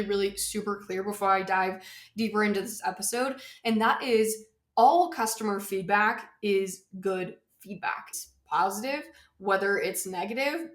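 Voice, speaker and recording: In a reverberant home office, a podcast host with a mid-range voice chats casually on her solo show. She's slightly winded and stresses her ideas by saying them more than once.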